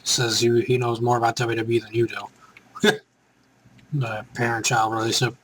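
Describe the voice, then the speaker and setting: A man hosting a live reaction show, excitable and rambling, who breaks into chants. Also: medium pitch, normal speed, slight background noise.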